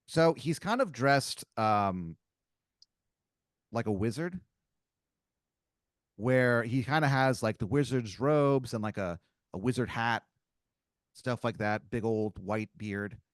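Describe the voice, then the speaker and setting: A man's voice: medium pitch, slow pace, pauses often, dry recording, studio quality. A man hosting a comedy podcast who improvises a second-person story, rambling through many fillers. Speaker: podcast host telling an improvised scenario.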